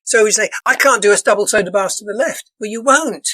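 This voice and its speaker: A dance counsellor appearing as a guest on a casual podcast interview talks fast in a high-pitched, slightly bright voice that is going hoarse. He explains things earnestly, looping back and restarting phrases, on a poor recording with no echo.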